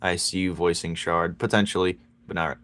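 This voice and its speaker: Low-voiced man chatting on a stream. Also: flat delivery, normal speed, a bit bright, dry recording. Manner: rambling, answers viewer chat, low-key. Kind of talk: casual livestream chat.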